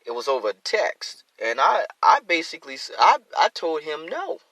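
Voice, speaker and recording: A man teaching scripture on a live stream, reading verses then explaining them in plain, animated talk with features, acting out the excuses people make. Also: a little high, moderate pace, no room sound, low-quality recording. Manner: repeats and restarts phrases. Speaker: teacher of a religious group.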